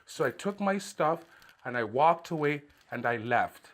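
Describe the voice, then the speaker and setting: A man with a somewhat high voice talks through a personal complaint, aggrieved and going on at length. He brushes off details with repeated filler as he recounts what happened. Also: expressive, measured pace, a bit bright. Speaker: citizen filing a complaint. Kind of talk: recorded personal complaint monologue.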